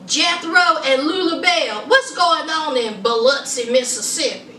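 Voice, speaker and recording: A woman's voice: high-pitched, unhurried, sharp tone, slight background noise. A woman giving casual, sassy commentary on a reality show, calling her viewers honey and child. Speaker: reality TV reviewer. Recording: roomy echo, distant from mic.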